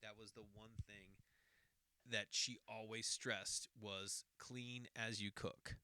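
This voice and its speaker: A man in his forties with a lowish, bright, crisp voice tells a meandering story, often correcting himself mid-sentence. The sound is close and dry, with no room around it. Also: fairly even intonation, slow pace, dry recording. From Boston area. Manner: rambling, self-correcting, conversational. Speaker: podcast host. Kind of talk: casual storytelling monologue.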